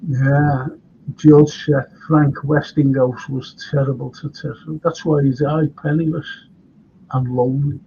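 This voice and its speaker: Hosting a casual chat show, an older Liverpool man rambles along, chatty and sleep-deprived, often restarting. His voice is on the high side, creaky and warm, with a flat delivery and a slightly slow pace. The recording is dull and lo-fi, with faint noise.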